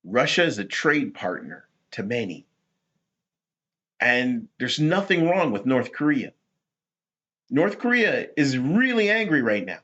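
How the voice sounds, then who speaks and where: A man hosting rambling political commentary, talking in a rhetorical, animated way. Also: medium pitch, measured pace, long pauses, highs cut off. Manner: animated, rhetorical, laughs at his own points.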